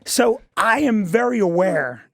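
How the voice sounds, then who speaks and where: On a radio talk show, a middle-aged comedy club owner appears as a guest to give his side of things, leaning hard on "listen" and "okay." His gravelly, creaky voice runs high-pitched, animated and unhurried, and the close, dry recording carries no room sound. He sounds emphatic and defensive.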